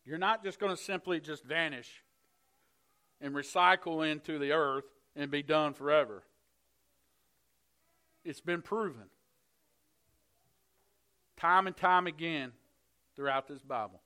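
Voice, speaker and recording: Man, middle-aged, preacher, sermon storytelling, earnest, bright tone. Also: on the high side, measured pace, pauses often, clean tone. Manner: storytelling, earnest, builds from hushed to fired up.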